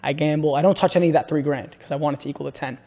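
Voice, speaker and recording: A young man on a podcast, excitedly telling a long story and calling his listener "bro" a lot. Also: a little high, racing. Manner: excitable, repeats himself, says "bro" a lot. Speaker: podcast host. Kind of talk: casual podcast chat, storytelling. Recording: room with long reverb.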